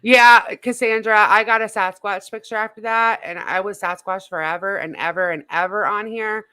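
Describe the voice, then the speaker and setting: A woman's voice: mid-range voice, fairly even intonation, moderate pace, bright, forceful tone, clean tone. A woman hosting a casual livestream, chatting loosely and swearing, with frequent restarts. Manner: swears freely, rambling with restarts and laughs. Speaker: YouTube drama commentary host.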